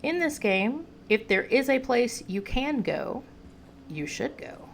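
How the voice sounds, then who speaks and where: A woman's voice: on the high side, lively intonation, takes it slowly, creaky, a little hiss or hum. An American woman giving chatty gameplay commentary, talking to the game's hero the way she talks to a pet. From United States. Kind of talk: casual game commentary.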